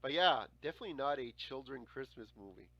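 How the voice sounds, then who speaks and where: A man in his forties hosting a casual livestream chat, telling stories in an animated way, with frequent swearing and laughter. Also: mid-range voice, fast talker, lo-fi sound. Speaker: livestream host.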